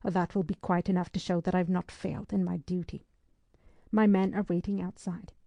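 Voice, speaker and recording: A woman's voice: fairly low pitch, flat delivery, a little fast, vocal fry, warm tone, dry recording. A woman voicing a polite, deferential marine soldier in an audiobook.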